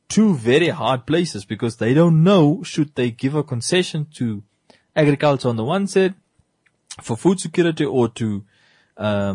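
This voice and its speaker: A man co-hosting a casual discussion, talking in an animated, joking way full of rhetorical questions. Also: medium pitch, husky, no echo.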